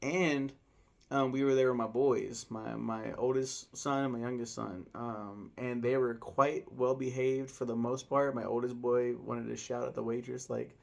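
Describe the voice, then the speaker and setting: A man's voice: medium pitch, little pitch movement, moderate pace, creaky, hardly any pauses, a little mellow. A man in his thirties chatting casually in a vlog, rambling and enthusiastic, with lots of fillers. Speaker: vlogger.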